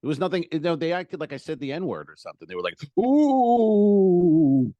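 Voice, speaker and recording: A man co-hosting a comedy podcast, telling profane, jokey stand-up stories in a casual, animated way. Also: fairly high pitch, very fast, dry recording, dull audio. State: feeling unwell.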